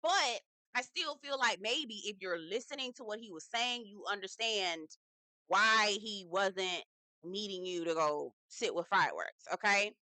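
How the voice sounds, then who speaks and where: Young woman TV reviewer, sassy and blunt, bright voice, dry close recording. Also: medium pitch, measured pace, no echo. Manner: sassy, blunt, swearing commentary. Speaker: TV recap reviewer. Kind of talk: casual reality TV recap.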